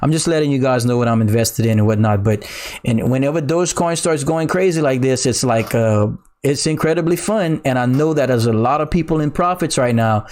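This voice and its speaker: Cajun guy on a livestream, middle-aged, gets hyped easy, lots of bruh, reads chat out loud. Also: medium pitch, a little fast. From Louisiana, US. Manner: excitable, laughing, slangy, says "bruh". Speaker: crypto livestream host. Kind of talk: casual livestream chat, reading viewer comments.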